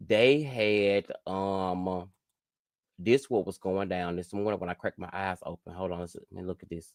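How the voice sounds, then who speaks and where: A man hosting a casual live stream, chatting to viewers and getting animated as he reacts to gossip. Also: slow pace, dry recording, studio quality. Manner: animated, chatty, jumps high in pitch when outraged. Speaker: host.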